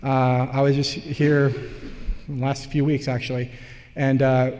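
Male lecturer, mellow tone, conversational academic delivery, long hall reverb. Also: medium pitch, flat delivery, measured pace, slight background noise. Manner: explanatory, loosely conversational with asides.

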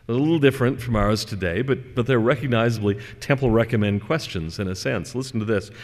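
A man's voice: medium pitch, fast talker, a little mellow. A man giving a conversational religious lecture, telling stories and wandering through asides with fillers. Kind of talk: lecture with storytelling. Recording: long hall reverb.

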